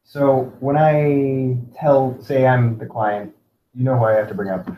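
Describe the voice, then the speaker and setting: A man's voice: mid-range voice, steady tone, unhurried, narrow, tinny audio, a little hiss or hum. A man co-hosting a casual podcast chat, dropping wry jokey remarks. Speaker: podcast co-host. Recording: echoey room.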